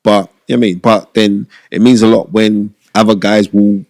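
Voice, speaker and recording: Middle-aged man, low voice, animated streetwise storyteller, dry studio sound. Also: moderate pace, no room sound. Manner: animated, repeats phrases, streetwise slang. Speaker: boxing pundit and former boxer. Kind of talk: casual storytelling interview.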